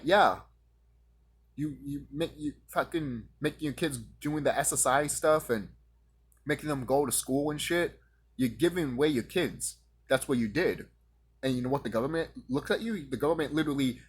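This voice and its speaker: Man, confrontational vlog rant, profane, husky, animated pitch. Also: moderate pace. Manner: confrontational, swearing, mocking imagined critics in high voices. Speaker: vlogger ranting to camera.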